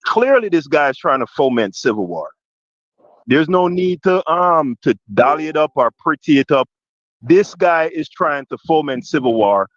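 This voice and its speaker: A man with a Jamaican accent, co-hosting a podcast, asking long winding questions full of restarts and "right?", growing louder and more forceful as he gets passionate. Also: fairly high pitch, expressive, moderate pace, dry recording, highs cut off. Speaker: podcast co-host. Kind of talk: heated political discussion.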